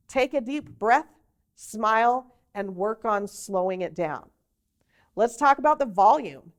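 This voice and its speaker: A woman teaching a workshop on job interview skills, lively and conversational, with demonstrations and asides. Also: on the high side. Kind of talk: workshop presentation to a group.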